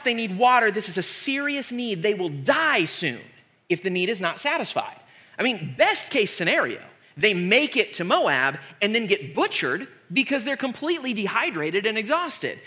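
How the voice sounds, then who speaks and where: A male preacher in his thirties, giving a comedic sermon with sarcastic asides. His high, bright voice leaps up and down lively, pushing each joke forward. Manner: animated, joking, sarcastic.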